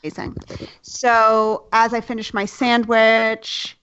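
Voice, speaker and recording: A young woman telling a personal story in casual chat, candid and lively, swearing freely. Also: on the high side, slow, clean tone, no room sound. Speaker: guest telling her birth story. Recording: dull, dry sound.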